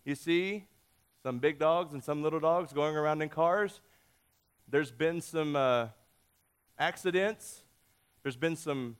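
Playful, slightly high-voiced male preacher. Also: smooth. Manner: playful storytelling, varied emphasis. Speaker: pastor. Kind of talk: sermon.

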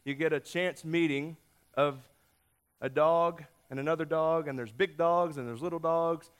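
A man preaching a sermon, telling a story in a playful, lively way with lots of shifts in emphasis. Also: on the high side, normal speed, clear, resonant tone. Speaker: pastor.

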